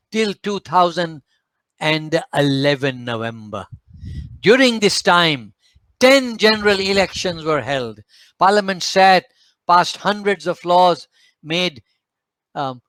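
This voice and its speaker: A man with a Malaysian English accent giving a formal slide presentation in a measured, emphatic lecturing manner with occasional hesitations. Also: fairly high pitch, a bit bright, no room sound. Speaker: speaker at a panel forum.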